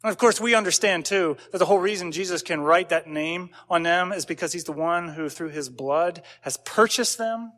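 A man's voice: high voice, normal speed, few pauses, fairly bright tone. A man pastor giving a conversational sermon, telling stories with casual asides and building to emphatic points.

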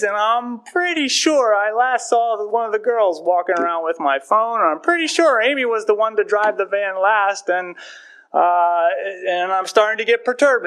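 A man's voice: high voice, a bit bright. A man in his thirties, a pastor preaching a sermon in a conversational, storytelling way with self-mocking humor.

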